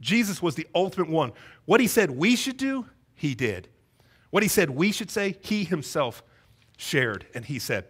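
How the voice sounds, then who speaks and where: A man's voice: fairly high pitch, moderate pace, husky. A man in his thirties preaching a sermon in a church, telling stories with energy and acting out the voices in them. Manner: animated storytelling, acts out voices. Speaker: pastor. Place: church sanctuary.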